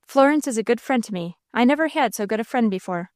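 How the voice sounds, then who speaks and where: A woman's voice: fairly high pitch, lively intonation, fast talker, a little mellow, no echo, studio quality, close to an everyday voice. A woman voicing an honest teenage street boy in an audiobook, answering plainly and stubbornly. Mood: earnest.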